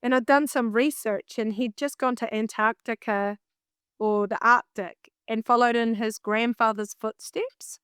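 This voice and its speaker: A woman with a New Zealand accent, a singer telling a story in an interview in an animated way, often laughing at herself. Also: on the high side, a little slow, smooth, no echo, clean studio sound. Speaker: singer and vocal coach, guest.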